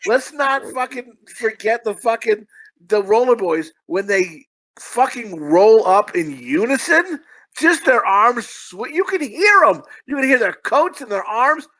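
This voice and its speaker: Profane rambling man with a high voice. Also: very animated, unhurried, sharp tone, poor audio. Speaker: podcast co-host. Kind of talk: casual movie review chat.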